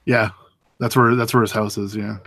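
A man's voice: lowish voice, level tone, normal speed, a bit bright, no echo. A man from British Columbia co-hosting a podcast, chatting casually and explaining at length with restarts. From British Columbia, Canada. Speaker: podcast co-host. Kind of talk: casual group chat.

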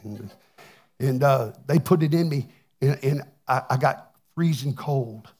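A man's voice: medium pitch, a little slow, a little mellow, husky. A man preaching a plainspoken, folksy testimony sermon, often repeating words as he restarts. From Texas. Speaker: pastor.

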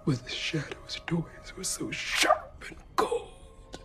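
An actress playing an eerie woman doppelganger who tells a tale in a strained, whispery rasp, in a film clip. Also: slow pace, a bit bright, soft background music.

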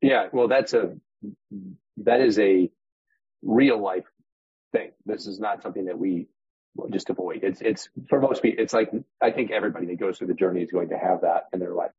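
A man's voice: sits low, moderate pace, darkish tone, breathy edge, dry recording. A man as a guest on a real estate podcast, talking animatedly and acting out voices and examples. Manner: demonstrative, acts out inner voices, uses props as metaphors. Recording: dull muffled podcast audio.

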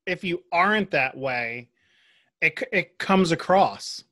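A man's voice: on the high side, animated, slow pace, sharp tone. A man hosting a podcast interview, easygoing and agreeable as he chimes in. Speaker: podcast host.

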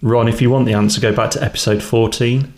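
A man's voice: medium pitch, steady tone, fast, a little mellow. A man who produces a gardening podcast, reading out listener questions with dry jokes. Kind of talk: casual chat. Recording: roomy echo.

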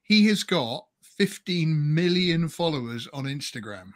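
A man's voice: fairly high pitch, animated, measured pace. A man co-hosting a casual panel chat, rambling and laughing often. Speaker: podcast co-host.

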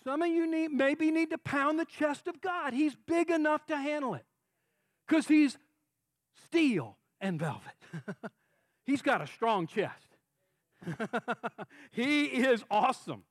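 A middle-aged man preaching a sermon as pastor, impassioned, swinging from soft tender lines to shouted cries. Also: very high-pitched, expressive, takes it slowly, pauses often, no echo.

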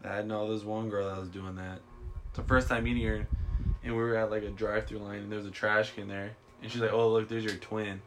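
A man's voice: on the low side, level tone, brisk, a little hiss or hum. A man co-hosting a podcast, telling stories in laid-back, slangy casual chat. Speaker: podcast co-host.

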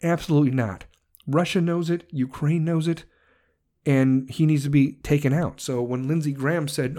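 A man's voice: on the high side, normal speed. Angry profane man ranting. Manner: profane, shouting insults, heated. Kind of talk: angry political rant.

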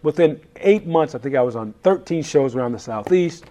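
A man in his fifties, a chef telling stories in a casual interview, animated and laughing as he acts out quotes. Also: on the high side, fairly quick.

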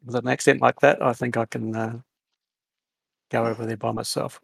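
A man's voice: mid-range voice, flat delivery, normal speed, gravelly, husky, dry recording. A man playing a tabletop game, chatting and joking in an easygoing way. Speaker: player. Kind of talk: casual tabletop chat.

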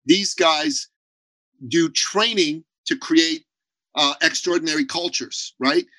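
A man with a high, bright voice speaks as an interview guest, blunt and emphatic. He tells stories with plenty of animation. The sound is dry and close. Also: takes it slowly, no room sound, poor audio. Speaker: podcast guest, business owner. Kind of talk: energetic interview talk.

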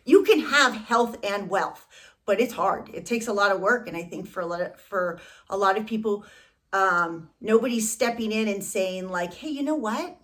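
A woman's voice: mid-range voice, normal speed, a bit bright. A woman from the United States co-hosting a podcast in casual chat, talking freely with many "like" fillers and restarts. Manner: chatty, many "like" fillers, restarts mid-thought. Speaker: podcast co-host.

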